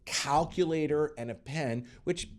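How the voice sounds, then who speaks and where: Animated middle-aged man hosting an interview. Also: fairly high pitch, a little slow. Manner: animated, acts out quoted voices. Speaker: podcast host. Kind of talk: casual interview chat.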